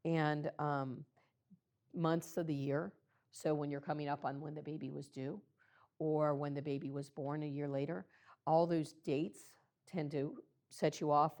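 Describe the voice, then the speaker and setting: A woman with a low voice gives an earnest, personal talk to a room of clergy. She pauses often with soft ums as she speaks. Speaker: presenter. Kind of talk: talk to clergy about baby loss. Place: meeting room.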